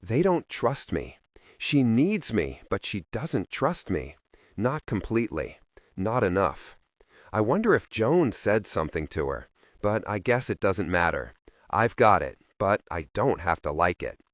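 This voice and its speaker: Male audiobook narrator, low voice with lively inflection, measured and introspective, dry close sound. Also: dry recording. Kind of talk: first-person audiobook narration.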